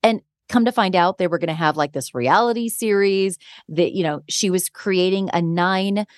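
Animated, laughing woman podcast host. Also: fairly low pitch, normal speed, dry recording, clean studio sound. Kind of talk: casual chat.

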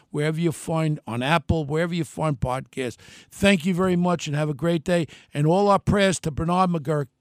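An older man, hosting a radio and podcast show in an impassioned political monologue that swings from shouting to low, quiet talk. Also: dry recording, clean studio sound. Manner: ranting, shouting at times, then dropping low.

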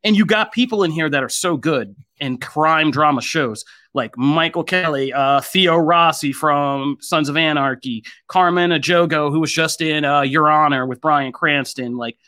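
A man co-hosting a casual pop-culture chat, animated and joking, jumping high and loud when he gets excited. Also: normal speed, few pauses. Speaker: podcast co-host.

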